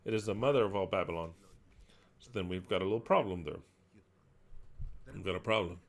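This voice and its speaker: A man preaching a sermon, declaiming scripture loudly and dropping into quiet asides. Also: low voice, brisk, creaky. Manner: emphatic, swings between loud declaiming and quiet asides.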